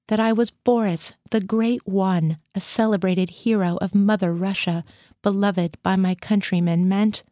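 A woman reading a first-person literary story aloud in a measured, steady way. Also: medium pitch, no room sound, studio quality. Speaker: reader.

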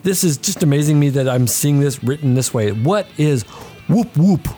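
A man's voice: on the high side, animated, normal speed, mellow, soft background music. An American man co-hosting a casual podcast chat, giggly and playing with accents. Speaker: podcast co-host.

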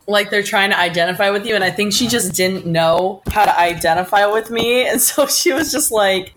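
A young woman in casual chat as a podcast co-host, animated and acting out the people she quotes. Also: fairly low pitch, normal speed, few pauses, slight background noise.

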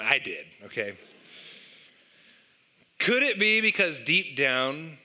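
A man's voice: medium pitch, bright, forceful tone. A man preaching a sermon, telling an illustration and asking the listeners rhetorical questions. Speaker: pastor.

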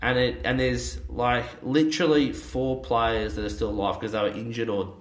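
A young man co-hosting a sports podcast, telling a story in an excitable, gushing way. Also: mid-range voice, normal speed. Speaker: podcast co-host. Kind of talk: casual sports chat. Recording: roomy echo.

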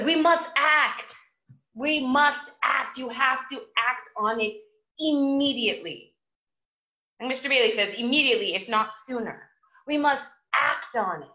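A woman with a high, bright voice hosts a live motivational stream. She talks emphatically and hammers key words through repetition. The audio is dull and lo-fi. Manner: emphatic, repeats words for force. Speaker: host of a live motivational show.

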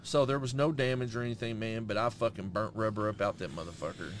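A man's voice: lowish voice, fairly even intonation, fast, noisy background. A middle-aged man co-hosting a podcast, telling a story in casual chat with heavy swearing. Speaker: podcast co-host.

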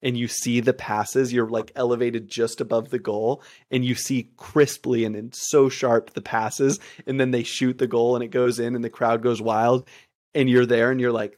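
A man's voice: mid-range voice, flat delivery, normal speed, a little mellow, no room sound, clean studio sound. A man in his thirties, podcast co-host, talking in casual chat with eager, persuasive enthusiasm.

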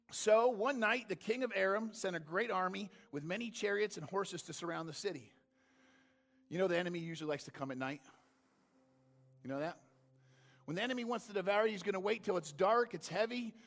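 A man preaching a sermon in a conversational way, acting out characters from the story and building to loud, intense passages. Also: high-pitched, creaky. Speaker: pastor.

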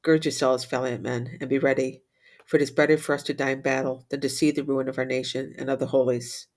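A man reciting psalms, readings and short Latin prayers in a steady, measured way. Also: medium pitch. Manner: steady measured recitation, rattles off Latin refrains quickly and softly. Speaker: prayer leader.

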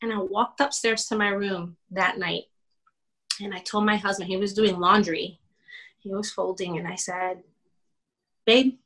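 Bright-voiced woman, emotional storyteller. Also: medium pitch, a little slow, pauses often, poor audio. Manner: emotional, animated retelling with laughs and quoted dialogue. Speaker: guest, pastor's wife. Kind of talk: candid personal storytelling.

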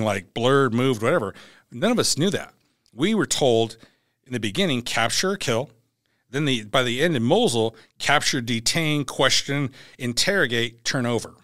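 A man with a medium-pitched voice, once a Navy SEAL, shares war and courtroom tales in a frank, lively podcast chat. He plays out others' dialogue in quotes. The studio-quality recording has no room sound.

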